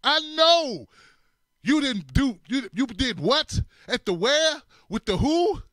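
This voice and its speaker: A stern mother scolding her boy, as a man puts her on, high, loud, and close to shouting. She fires off exasperated questions one after another, and the voice sits well above his usual pitch. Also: very animated, no echo, heavily acted. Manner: exasperated, rapid-fire questioning.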